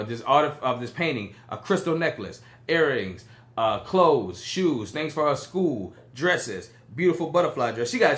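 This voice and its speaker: A man co-hosting a podcast, telling a personal story in an animated way, often breaking into laughter. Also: mid-range voice. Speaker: podcast co-host. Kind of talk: casual storytelling chat.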